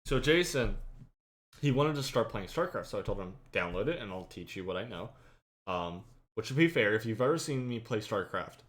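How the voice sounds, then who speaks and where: Bright-voiced man telling a gaming story. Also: fairly low pitch, moderate pace. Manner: animated, acts out friends' lines loudly, laughs. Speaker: podcast host and streamer. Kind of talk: casual storytelling chat.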